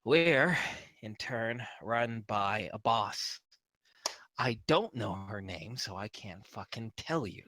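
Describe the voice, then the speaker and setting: A man voicing a foul-mouthed, defiant criminal being interrogated, yelling insults. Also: expressive, slow pace, no echo, exaggerated voice, low-quality recording. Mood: boastful. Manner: snarling, swearing, pitch leaps up when yelling.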